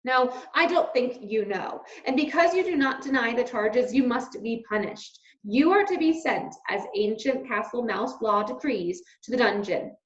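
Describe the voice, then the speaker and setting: A woman's voice: fairly high pitch, animated, normal speed, hardly any pauses, natural voice. A woman voicing a stern, pompous male mouse leader who hands down commands. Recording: roomy, slightly dull recording.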